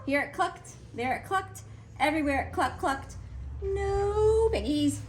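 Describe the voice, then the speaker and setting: A woman reading a children's picture book aloud, with playful, expressive narration. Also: high-pitched, normal speed, slight background noise. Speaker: storybook reader.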